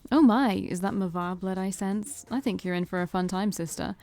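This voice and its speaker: A woman voicing a smug, theatrical male vampire who talks slow and knowing, like a preacher, while reading a visual novel aloud. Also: medium pitch, dark tone, faint music behind, natural voice.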